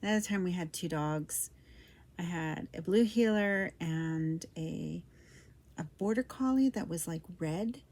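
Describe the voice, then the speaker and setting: A middle-aged woman telling her own story in a low voice with a gravelly, creaky edge. She rambles and restarts, trailing off into soft, whispered asides as she reminisces. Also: slow pace. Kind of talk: personal storytime monologue.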